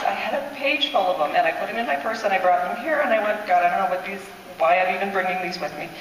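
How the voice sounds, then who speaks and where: A woman's voice: mid-range voice, slight background noise. Woman sharing her faith story at church, heartfelt and breathless, distant in a big reverberant hall. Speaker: church testimony speaker. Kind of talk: personal testimony. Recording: echoey hall, speaker far from mic.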